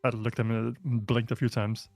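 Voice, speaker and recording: A man's voice: mid-range voice, level tone, normal speed, vocal fry, darkish tone, dry recording, faint music behind. A man talking casually as a player in a tabletop game.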